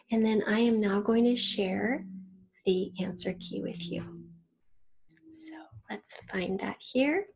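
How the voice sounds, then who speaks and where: A woman teaching and dictating a children's spelling test, reading each word slowly in an example sentence and giving spelling hints. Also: fairly high pitch, a little mellow, husky.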